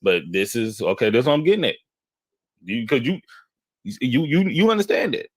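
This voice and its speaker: A man's voice: medium pitch, normal speed, slightly rough, no echo, clean studio sound. A young man telling a long story in casual chat, acting out the voices of the people in it. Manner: animated storyteller who acts out quotes.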